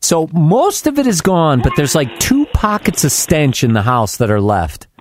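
A man's voice: on the high side, sing-song, moderate pace, a little hiss or hum. A man co-hosting a casual podcast, telling stories animatedly, swearing freely and laughing along. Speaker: podcast co-host. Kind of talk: casual storytelling chat.

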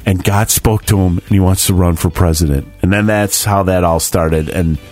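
A man's voice: low voice, fairly even intonation, normal speed, darkish tone, faint music behind. A man in casual chat, rambling through a story with lots of swearing and laughs.

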